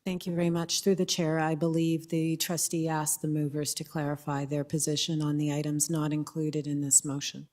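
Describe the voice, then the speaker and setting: A woman from the board staff gives a formal, measured answer in bureaucratic language. Her voice is fairly low and flat, with little rise and fall. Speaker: school board staff member.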